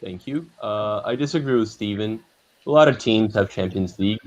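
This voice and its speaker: A man's voice: fairly low pitch, moderate pace, slight background noise, poor audio. A man defending his football team in a heated call debate, saying "mate" often. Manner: defensive, says "mate" a lot. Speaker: football fan panelist.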